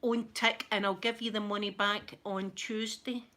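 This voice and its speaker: A woman's voice: medium pitch, flat delivery, moderate pace, fairly bright tone, natural voice. Wheedling young Glasgow woman on the phone, Glasgow accent, quoted by a female storyteller. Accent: Glaswegian. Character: young Glasgow woman begging drugs on credit.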